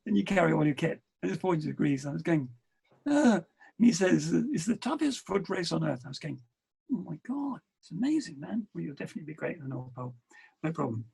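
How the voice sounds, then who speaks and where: A middle-aged man from England, a podcast guest telling adventure anecdotes in an animated way and acting out the dialogue. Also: on the high side. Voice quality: gravelly, husky. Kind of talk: storytelling interview.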